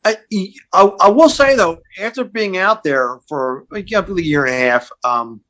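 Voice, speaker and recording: A man with a Philadelphia accent talks on a podcast in a voice pitched a little higher than most men's. He tells his stories in an easygoing way, often trailing off and starting a thought again. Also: animated, normal speed, pushed and bright. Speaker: comedian. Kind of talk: casual podcast chat.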